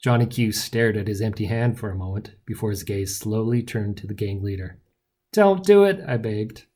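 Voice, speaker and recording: A man narrating a novel in the first person with wry, lively storytelling. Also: fairly low pitch, fairly quick. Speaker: audiobook narrator.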